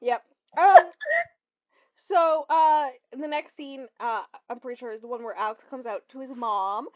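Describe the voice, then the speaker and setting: A woman co-hosting a podcast, casually recapping a film with lots of ums and quick acted-out quotes. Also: high-pitched. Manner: rambling, lots of ums, acts out quotes in bursts. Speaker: podcast co-host. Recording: dull lo-fi recording.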